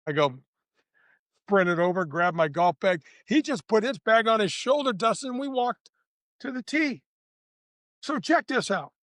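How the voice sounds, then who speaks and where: A man in his sixties from St. Louis, a former tour golfer telling lively, slangy stories as a podcast guest. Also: high voice, normal speed, no echo, clean studio sound. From St. Louis, USA. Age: 60s. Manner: lively, slangy, addresses the host directly. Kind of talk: casual anecdotal storytelling.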